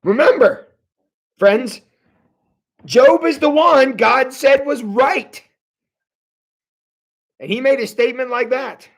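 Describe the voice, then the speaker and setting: Leading a livestreamed Bible study, a pastor with a very high voice speaks slowly and pauses often. He talks conversationally to viewers directly and frequently repeats words as he restarts.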